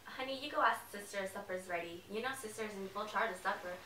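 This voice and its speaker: A woman's voice: medium pitch, quick pace, sharp tone, natural voice. A young woman playing a fussy, chatty faded Southern belle mother in an amateur play, gushing and rambling in a genteel way. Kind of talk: amateur stage play reading. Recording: echoey room, mic from far off, faint hiss.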